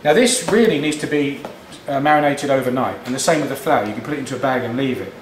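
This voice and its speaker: A medium-pitched man from England talks quickly through a casual cooking demonstration at home, rambling and restarting often. There's a little hiss or hum, plus echo, a distant mic, and frying sounds.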